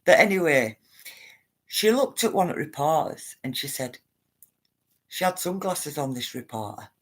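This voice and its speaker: Speaking in a low, breathy-edged voice with big swings in pitch, this woman keeps a normal pace while she hosts a laid-back livestream. She's chatty and rambling, reads viewer comments aloud, and addresses her audience as "guys" and "love."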